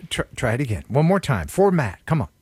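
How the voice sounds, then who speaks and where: A man's voice: medium pitch, very animated, brisk, darkish tone, breathy edge, dry recording, studio quality. A man co-hosting a radio call-in game, teasing and egging on his partner. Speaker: radio co-host.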